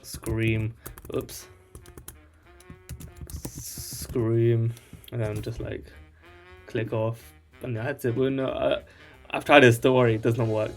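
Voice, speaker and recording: A man's voice: medium pitch, flat delivery, slow, vocal fry, pauses often, faint music behind. A man hosting a casual screen-share tech tutorial, rambling through the steps and tagging his lines with "alright?".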